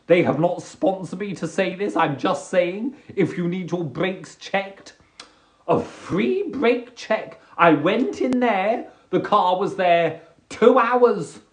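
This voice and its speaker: Comic live-streamer, lively, slow-paced, joking rambles. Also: male voice, high-pitched. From England. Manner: animated, jokey, self-deprecating rambling. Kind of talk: casual comic monologue. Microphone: phone or webcam on a live stream.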